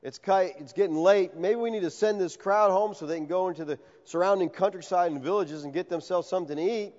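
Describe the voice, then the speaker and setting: A man preaching an expository sermon in a conversational, animated way, acting out the voices of the people he quotes. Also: high-pitched, fairly quick. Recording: dull sound with long hall reverb.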